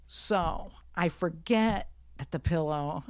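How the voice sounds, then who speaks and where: A woman comedian telling stories on a podcast, profane and animated, jumping to shouts when she acts out scenes, recorded in a studio. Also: on the low side, slow pace, no echo. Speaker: guest comedian. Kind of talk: storytelling in a podcast conversation.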